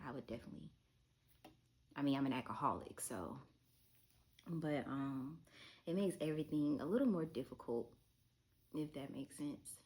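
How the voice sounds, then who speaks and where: A young woman with a low voice talks straight to her camera, confiding and frank. She keeps it loose and personal and swears casually. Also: a little mellow. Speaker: vlogger. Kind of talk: candid talk to camera.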